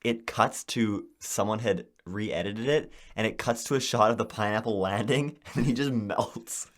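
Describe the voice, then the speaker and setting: A man's voice: fairly low pitch, measured pace. A young man co-hosting a podcast, telling a story in casual chat and laughing often. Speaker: podcast co-host.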